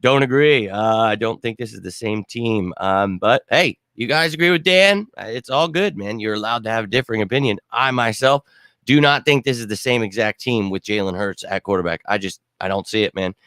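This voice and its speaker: Fired-up, hoarse man ranting after a game. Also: lowish voice, brisk, a bit bright, dry recording, clean studio sound. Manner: fired-up, blunt, swears, repeats himself. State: choked up and hoarse from screaming. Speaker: host of a sports fan show. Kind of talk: casual postgame fan rant.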